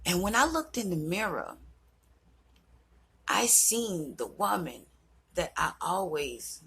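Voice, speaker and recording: A woman's voice: fairly low pitch, big pitch swings, takes it slowly, creaky, pushed and bright, breathy edge. A woman in her thirties talking earnestly and heartfelt in a personal vlog, sometimes dropping to a whisper. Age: 30s. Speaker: vlogger. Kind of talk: personal reflective vlog talk.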